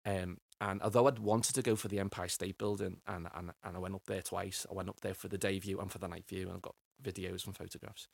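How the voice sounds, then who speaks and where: A man's voice: sits low, little pitch movement, fast talker, gravelly, few pauses, slightly rough, dry recording. A middle-aged man, telling his life story as a podcast guest in a rambling way, often repeating words as he finds them. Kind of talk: personal storytelling interview.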